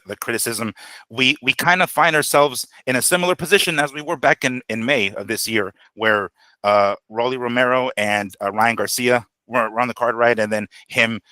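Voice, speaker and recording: Man, boxing podcast co-host, bright forward tone, dry close mic, swears, animated breakdowns. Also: lowish voice, normal speed, no echo. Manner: animated, profane, acts out quotes. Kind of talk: casual boxing analysis.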